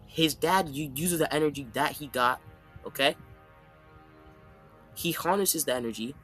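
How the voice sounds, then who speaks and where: A man's voice: fairly high pitch, unhurried, sharp tone, soft background music. A man casually recapping an anime fight in a rambling, slangy way, often checking in with "okay?". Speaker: anime commentator.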